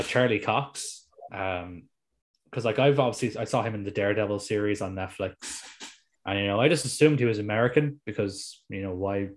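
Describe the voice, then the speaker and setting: Irish man, lowish voice, animated casual podcaster, swears a lot. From Ireland. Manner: animated storytelling, swears freely.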